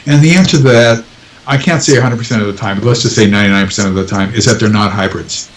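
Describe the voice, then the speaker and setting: A man's voice: fairly low pitch, fast talker, a little hiss or hum, rough recording. A man answering interview questions in casual talk, hesitant, with many ums and restarts. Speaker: guest author.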